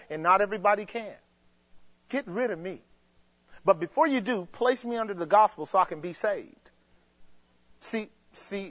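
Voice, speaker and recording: A man preaching a sermon in an emphatic, repetitive way that builds to shouts. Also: high voice. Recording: dull lo-fi sound.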